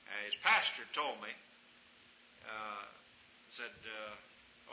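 A man preaching a sermon, fervent, swinging from hushed tones to shouting. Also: fairly low pitch, moderate pace. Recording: echoey room recording with hiss.

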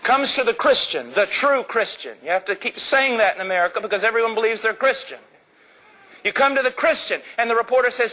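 Male preacher, high forceful voice, fiery emphatic sermon delivery. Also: lively intonation, rough recording. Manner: emphatic, rises to shouting, slows down for stress.

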